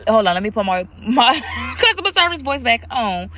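A woman's voice: fairly high pitch, very animated, normal speed, sharp tone. A woman hosting a solo podcast with an African American English accent, talking casually and animatedly, slipping into playful voices when quoting others. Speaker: podcast host.

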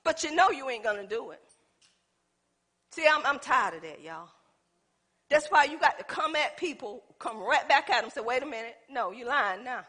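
A woman's voice: high-pitched, moderate pace, pauses often. A woman preaching a sermon, telling stories and calling out to the congregation. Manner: animated storytelling, addresses congregation as y'all.

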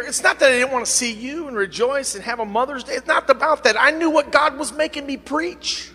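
A middle-aged man preaching a sermon as pastor, swinging from fervent shouting to quieter, conversational talk. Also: very high voice, fairly quick, few pauses, big-room sound, some chatter behind, slight background noise. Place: church sanctuary, at the pulpit.

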